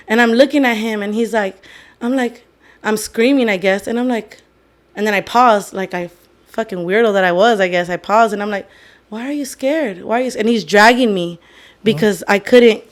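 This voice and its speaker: A woman, a podcast guest, telling a story in a casual way, speaking candidly, swearing freely and slipping into Spanish. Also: mid-range voice.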